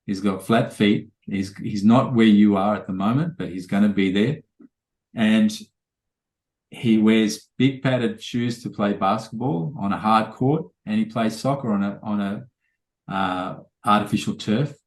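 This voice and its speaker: Low-voiced man telling stories. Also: measured pace, darkish tone, reverberant. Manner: casual, rambling anecdotes with quoted dialogue. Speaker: trainer. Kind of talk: storytelling in a podcast interview.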